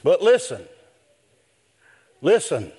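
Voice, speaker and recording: An older man, preaching a sermon in a rhythmic style that builds to shouts. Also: a little high, huge pitch swings, slow pace, a little hiss or hum.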